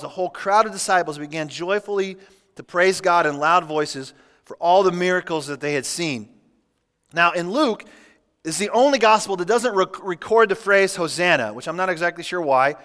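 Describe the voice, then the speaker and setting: A man preaching a sermon as pastor, reading scripture aloud and adding relaxed, humorous asides. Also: sits high. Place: church sanctuary. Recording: church hall with long reverb.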